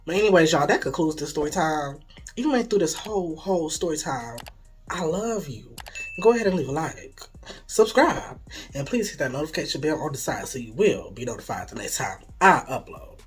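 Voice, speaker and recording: A young adult vlogger telling a story to viewers in a casual, animated way, swearing freely and dropping into dramatic whispers. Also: medium pitch, a little fast, faint music behind.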